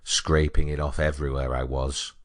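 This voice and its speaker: A man's voice: very deep voice, little pitch movement, moderate pace. A man voicing a nervous, chatty older male retired janitor who speaks in a friendly, plainspoken way.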